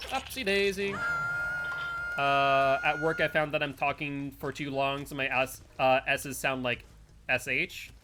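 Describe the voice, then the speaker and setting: A man's voice: mid-range voice, level tone, measured pace, loud music behind the voice. A man with a Northeastern US accent, streaming a game live and rambling to chat between plays. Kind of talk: live gameplay commentary and chat.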